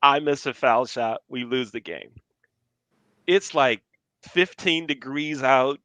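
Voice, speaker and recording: A man telling personal stories in casual talk, animated and repeating phrases for emphasis. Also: mid-range voice, slow pace, no room sound. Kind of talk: casual storytelling.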